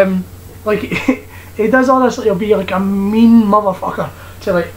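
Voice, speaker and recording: A young man from Scotland hosts a loose, comedic podcast chat with his mate. His voice sits unusually high for a man, and he laughs easily, filling gaps with ums and uhs. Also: moderate pace, low-quality recording. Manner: jokey, laughs often, many fillers. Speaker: podcast host.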